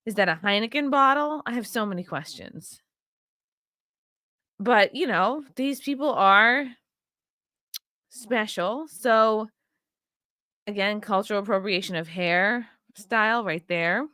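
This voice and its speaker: A woman's voice: mid-range voice, takes it slowly, long pauses, sharp tone, dry recording, studio quality. Blunt, sarcastic woman reacting to clips. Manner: blunt, profane, rambling and sarcastic. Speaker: host. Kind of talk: reacting to video clips, casual commentary.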